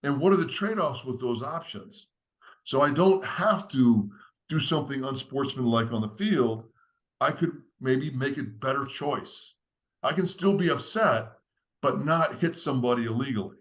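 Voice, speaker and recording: A man's voice: mid-range voice, expressive, normal speed. A man, a podcast guest, earnestly walking through a step-by-step framework in a teacherly, structured way. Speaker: podcast guest, leadership author. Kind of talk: explaining a framework in conversation.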